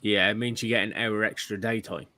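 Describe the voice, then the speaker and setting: A man's voice: on the low side, steady tone, a little fast, bright, forceful tone. A man in a casual chat, teasing the others and giggling.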